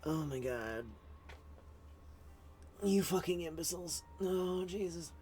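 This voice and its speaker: A man's voice: on the high side, lively intonation, slow, darkish tone, soft background music. A man streaming a video game, giving sarcastic commentary, swearing and laughing often. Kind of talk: gameplay commentary.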